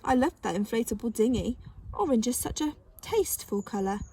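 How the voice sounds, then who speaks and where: A woman's voice: a little high, expressive, a little fast, mellow, husky, recorded from a distance. A woman voicing little mocking seaweed creatures with sneering, sarcastic remarks.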